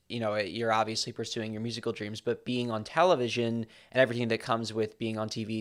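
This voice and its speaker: A man hosting an interview, asking long questions in a level, steady way. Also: lowish voice, smooth. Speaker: podcast host and interviewer.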